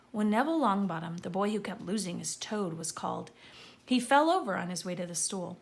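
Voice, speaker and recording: A woman's voice: mid-range voice, normal speed, creaky. A woman reading a children's story aloud, calling out names with gusto. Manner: lively, calling out names loudly. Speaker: audiobook reader.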